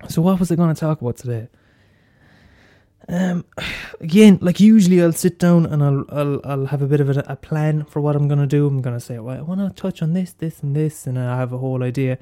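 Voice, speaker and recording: A man's voice: on the high side, brisk, dark tone, no echo. An Irish man hosting a solo comedy podcast, blunt and sweary, mocking himself and repeating lines for effect. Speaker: podcast host.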